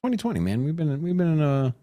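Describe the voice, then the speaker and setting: A man co-hosting a casual crypto livestream, loud and playful, with hype shout-out greetings. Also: fairly high pitch, very animated, fast. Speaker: co-host.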